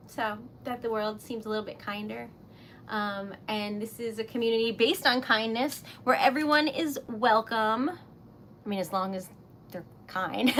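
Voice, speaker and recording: A woman's voice: sits high, sharp tone, a little hiss or hum. A woman chatting on a livestream about her small craft business, giggling often and filling her talk with likes and ums. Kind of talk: casual livestream chat.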